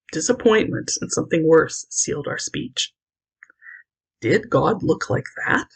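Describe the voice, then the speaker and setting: A woman reading a classic children's novel aloud in an expressive, lively narration. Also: lowish voice, vocal fry, slightly rough, poor audio. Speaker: audiobook reader. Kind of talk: scripted storybook narration.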